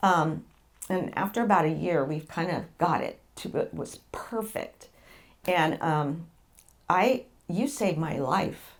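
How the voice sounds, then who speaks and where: A woman's voice: deep voice, expressive, measured pace. Middle-aged woman, rambling storyteller. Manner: rambling, repeats words, laughs through the story. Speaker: patient guest. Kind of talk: candid personal storytelling.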